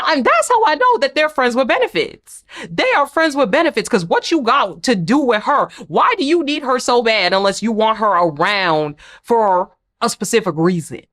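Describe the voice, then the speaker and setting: A woman talks through a reality show episode in a casual, opinionated recap. Her pitch swings widely as she plays out what each person said. Her tone is sassy and blunt. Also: moderate pace. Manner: sassy, animated, acts out quotes.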